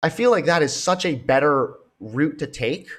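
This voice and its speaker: A man's voice: a little high, animated, normal speed, a bit bright. A young man reacting to podcast clips, blunt and exasperated, cursing as he talks back to them. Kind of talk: reaction commentary.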